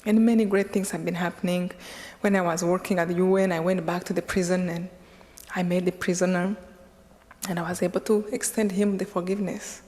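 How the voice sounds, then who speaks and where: A middle-aged woman from Rwanda with a Rwandan accent, giving a personal testimony talk in an earnest, slow, reflective way with halting restarts. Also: fairly low pitch, steady tone, a little mellow. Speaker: guest speaker. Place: large lecture hall. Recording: long hall reverb.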